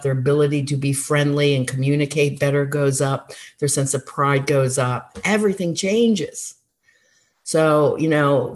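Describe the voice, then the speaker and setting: A woman who worked as a school counselor, giving earnest, encouraging advice in a relaxed interview, with frequent fillers. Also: low-pitched. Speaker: former school counselor, guest. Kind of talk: conversational interview answers.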